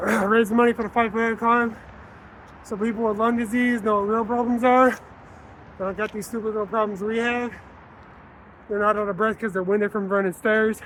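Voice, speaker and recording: A man's voice: sits high, fairly bright tone, slight background noise, poor audio. A man vlogging, talking bluntly and earnestly to the camera. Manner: blunt, earnest, plain-spoken. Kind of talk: casual talk to camera.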